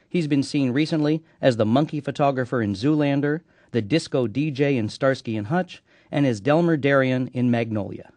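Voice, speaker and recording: A man reading a scripted introduction on a radio show in a measured, formal way. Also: mid-range voice, darkish tone, no echo. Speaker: radio announcer.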